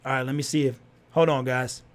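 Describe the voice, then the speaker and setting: A man's voice: medium pitch, little pitch movement, fairly quick. A man hosting a casual sports talk livestream, reacting to viewers' chat and reading comments aloud with lots of fillers and repeats.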